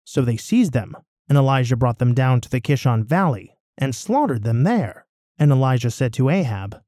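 A man reading scripture aloud as scripted narration, in a measured, expressive storytelling voice. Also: medium pitch, dry recording, studio quality. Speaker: scripture reader.

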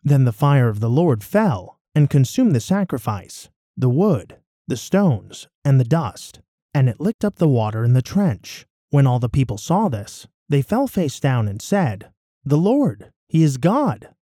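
A man reading scripture aloud as scripted narration, in a measured, expressive storytelling voice. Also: mid-range voice, dry recording, studio quality. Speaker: scripture reader.

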